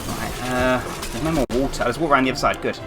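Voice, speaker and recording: A woman's voice: rumbling low, fast talker, music in the background. A young woman commentating her gameplay in a frantic, panicky way, often swearing and laughing at herself. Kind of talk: let's play commentary.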